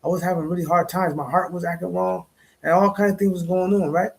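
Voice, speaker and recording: Man, high voice, gravelly, husky, casual livestream talk, emphatic and repetitive. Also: little pitch movement, quick pace. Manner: repetitive, emphatic, conversational with slang. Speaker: streamer host.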